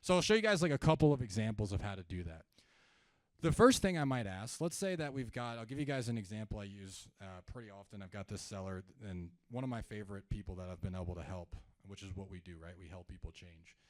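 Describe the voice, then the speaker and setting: A man's voice: fairly low pitch, expressive, quick pace, no room sound, studio quality. A man giving a live sales training talk, conversational, asking the room questions and acting out calls with sellers. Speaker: sales trainer speaking at an event.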